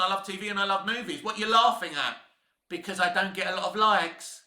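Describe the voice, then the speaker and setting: A man's voice: sits high, sharp tone, reverberant. A man with a Cockney accent giving blunt, heated commentary on films, swearing freely as he rants. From England. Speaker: YouTube film commentator. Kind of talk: opinionated commentary rant.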